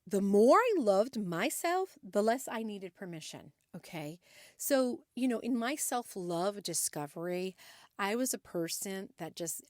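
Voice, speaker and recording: A woman's voice: medium pitch, very animated, unhurried, a little mellow, dry recording. Earnest woman podcaster, dry close sound. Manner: earnest, encouraging, with frequent restarts. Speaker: podcast host. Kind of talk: casual motivational talk.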